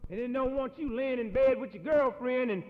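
A man delivering a satirical storytelling monologue in a preacherly, animated way, with folksy slang. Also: very high-pitched, fairly quick. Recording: dull lo-fi recording in an echoey hall.

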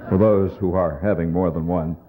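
A man's voice: deep voice, fairly even intonation, moderate pace, pitched below the performer's own voice, lightly acted. A man putting on a pompous beer-commercial man who savors his beer in a plummy way. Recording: tinny lo-fi phone-like recording.

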